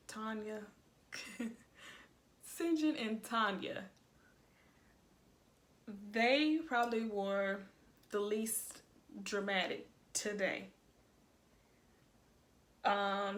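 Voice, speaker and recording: Chatty woman recapping reality TV. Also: mid-range voice. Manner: chatty, sassy, colloquial. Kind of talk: casual video review.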